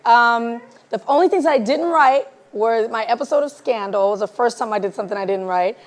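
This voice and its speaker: A woman film director, interviewed onstage before a live audience, tells her stories in an animated way and acts out the quoted dialogue. Her voice is a little high and fairly quick.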